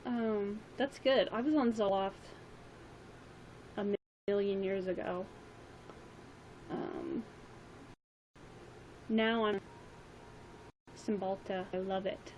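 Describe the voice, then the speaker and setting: A woman's voice: mid-range voice, steady tone, takes it slowly, pauses often, darkish tone, lo-fi sound, slight background noise. A young woman chatting casually on a livestream, rambling with lots of ums and likes, her voice a little worn. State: slightly losing her voice.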